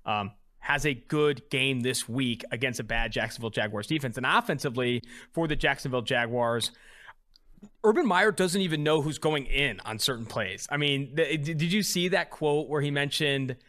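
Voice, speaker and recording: A man's voice: medium pitch, normal speed, fairly bright tone. A young man hosting a sports podcast, reading out stats and tossing questions to his co-host in a joking, casual way. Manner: reads stats then tosses questions, jokey.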